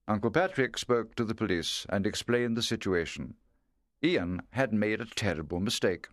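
Male narrator, measured and clear, lively pitch, dry close recording. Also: no room sound. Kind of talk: scripted story narration.

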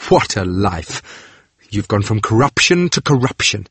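A man voicing a cold, reluctant scientist in an audiobook, stern and husky, recorded dry. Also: fairly low pitch, very animated, unhurried, a bit bright, no echo, heavily acted. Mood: scornful. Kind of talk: audiobook dialogue.

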